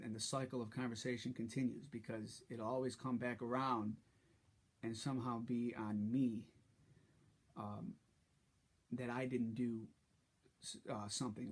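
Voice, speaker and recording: A man telling a personal story in a vlog, halting and frustrated, with many restarts. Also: mid-range voice, breathy edge. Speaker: vlogger.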